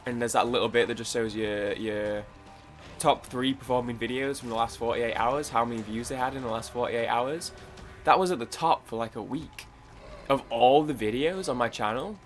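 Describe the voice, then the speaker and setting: A young man commenting casually on his own gameplay, rambling and excitable, with frequent restarts. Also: mid-range voice, moderate pace, soft background music. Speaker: gaming YouTuber. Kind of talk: casual let's-play commentary.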